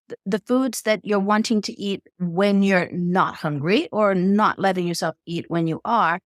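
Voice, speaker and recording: Woman on a podcast, explaining stuff, really expressive, plays out little scenes, dry close sound. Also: mid-range voice, dry recording. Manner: expressive storyteller who acts out quotes. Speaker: podcast guest, eating expert. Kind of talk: conversational explanation.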